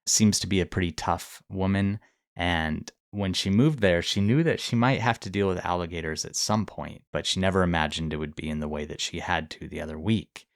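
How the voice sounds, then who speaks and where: A man's voice: low-pitched, brisk, vocal fry, no room sound, clean studio sound. A man co-hosting a podcast, casually retelling a news story with easy laughs. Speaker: podcast co-host. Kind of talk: casual chat.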